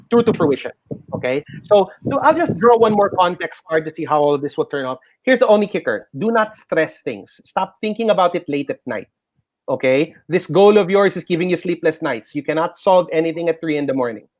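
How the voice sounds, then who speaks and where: A middle-aged man with a Filipino accent explaining a tarot reading on the radio in an animated, reassuring way. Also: fairly high pitch. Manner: animated, reassuring, mixes in Tagalog phrases. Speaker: tarot reader guest. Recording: dull lo-fi radio sound.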